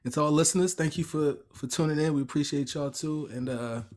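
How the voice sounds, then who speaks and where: A man's voice: a little high, a little fast, darkish tone, slight background noise. Guy hosting a podcast, easygoing, laughs a lot, thanks his guest. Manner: appreciative, laughs easily. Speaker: podcast host. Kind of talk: casual interview chat.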